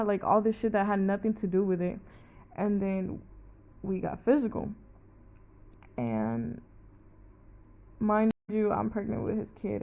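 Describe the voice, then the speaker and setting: Young woman, gravelly mellow voice, rambling casual storytelling, swears a lot. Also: medium pitch, muffled recording. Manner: rambling, fillers of "like", heavy swearing.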